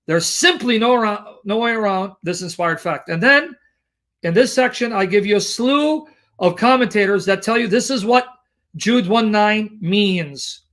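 High-voiced man arguing from scripture. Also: measured pace, a bit bright. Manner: emphatic, argumentative, fond of rhetorical questions. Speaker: Christian apologetics video host. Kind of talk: reading scripture verses with pointed commentary.

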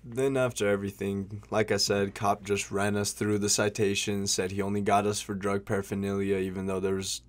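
A man's voice: on the low side, level tone, brisk, few pauses. A young man telling a story in a casual vlog, rambling and slangy, full of "like" and "bro", swearing freely.

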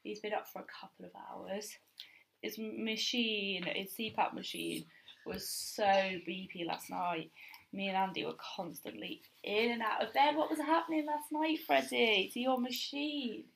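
A woman's voice: medium pitch, unhurried, gravelly, fairly bright tone, a little hiss or hum, poor audio. A woman, a parent chatting candidly and rambling in a casual home vlog, recorded indoors on a handheld camera. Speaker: parent vlogger.

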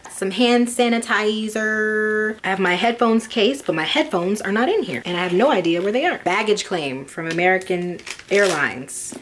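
A woman's voice: mid-range voice, moderate pace, a little hiss or hum. A young woman vlogging casually, rambling and chatty with lots of fillers as she goes through things. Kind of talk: casual chat.

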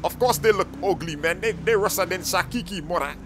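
A young man talking in loud, slang-heavy street talk while role-playing a character in a video game. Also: sits high, a little fast, music in the background. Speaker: gaming YouTuber playing a character. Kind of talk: role-play gameplay commentary.

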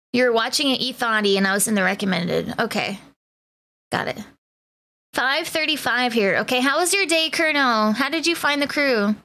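High, bright-voiced woman streamer. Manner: chatty, greets viewers by name, playful slang. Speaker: Twitch streamer. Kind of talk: casual live-stream chat with viewers.

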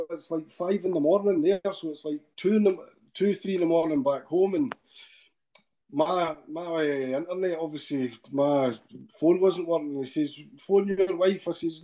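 A Scottish man, middle-aged, tells his story as a podcast guest in a mellow, dark voice that sits a little high for a man. He rambles from one point to the next and keeps tagging his lines with a questioning "eh?". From Scotland. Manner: rambling retelling with frequent tag questions.

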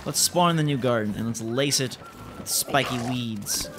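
A young man giving excitable let's-play commentary as a gaming channel host, exclaiming and repeating himself. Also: mid-range voice, normal speed. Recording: noticeable background noise.

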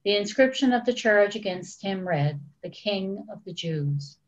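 A woman church leader giving a solemn, measured scripture reading. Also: mid-range voice, lively intonation. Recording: dull lo-fi recording.

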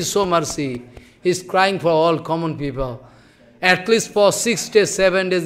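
A man's voice: high-pitched, a bit bright. A man giving a devotional sermon, telling stories with emotion and repetition in broken English. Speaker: preacher.

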